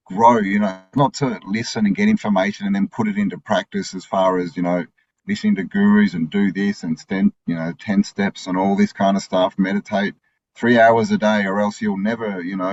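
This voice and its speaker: Husky man on a dull lo-fi recording. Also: on the low side, fairly even intonation, moderate pace, a little mellow. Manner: musing, many fillers. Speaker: co-host. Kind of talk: casual spiritual chat. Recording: dull lo-fi sound.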